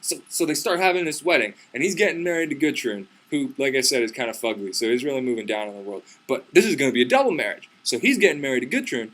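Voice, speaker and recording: A man's voice: mid-range voice, lively intonation, fast talker, hardly any pauses, fairly bright tone. Sarcastic rambling young man. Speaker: comedic myth storyteller. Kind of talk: casual comedic retelling.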